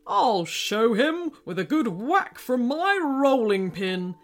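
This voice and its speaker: A woman's voice: on the high side, sing-song, slow. A woman voicing a hot-tempered male bread king who shrieks and snarls in a storybook. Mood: angry.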